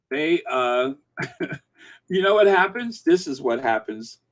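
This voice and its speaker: A man hosting a live stream, greeting viewers and chatting casually with plenty of pauses and filler words. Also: fairly high pitch, animated. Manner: unhurried, chatty, many um and uh fillers.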